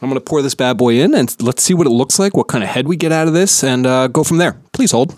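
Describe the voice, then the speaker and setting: This New Jersey podcast host, a man around his thirties, rambles through a profane, self-deprecating solo chat from his home basement. He talks fast in a medium-pitched, slightly mellow voice. The recording is dry, with clean studio sound.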